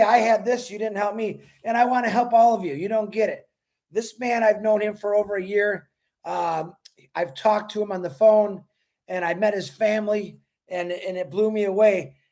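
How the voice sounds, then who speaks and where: High-voiced man, emotional livestream host. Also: darkish tone. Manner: rambling, thanks viewers by name; earnest, religious.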